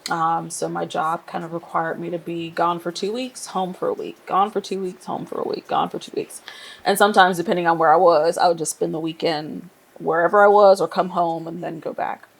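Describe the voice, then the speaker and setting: Woman from nigeria chatting about her work, low voice with some fry, lively and laughy. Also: a little fast. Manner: lively, laughs often, acts out quoted voices. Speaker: interior designer telling her story. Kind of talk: casual storytelling interview.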